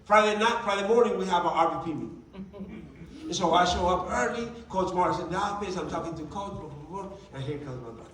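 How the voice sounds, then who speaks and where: A motivational speaker tells stories to a group in a large meeting room, animatedly acting out the quoted dialogue. His voice is high and fast, picked up by a distant mic in an echoey hall.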